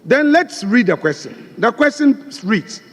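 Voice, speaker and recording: A man's voice: extremely high pitch, very animated, measured pace. A man, the minority leader, pressing his case in a parliamentary debate and repeating his points insistently. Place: large parliament chamber. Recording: chamber mic with long hall reverb.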